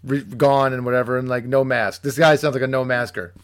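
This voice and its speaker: A man's voice: medium pitch, fairly even intonation, dry recording. Joking man chiming in casually. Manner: joking, quick interjections. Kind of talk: casual chat.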